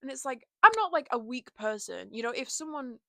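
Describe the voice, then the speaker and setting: A woman's voice: sits high, brisk, gravelly, no room sound. Young woman rambling on her bed, dry close sound, lots of likes and you knows. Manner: chatty, frequent "like" and "you know", animated. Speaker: vlogger. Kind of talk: casual confessional chat. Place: bedroom.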